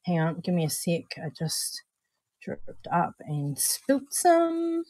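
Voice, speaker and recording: A woman's voice: lowish voice, very animated, slow pace, mellow, no room sound. A New Zealand woman co-hosting a casual livestream, chatty and bubbly, calling viewers darling and honey. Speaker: vape show co-host.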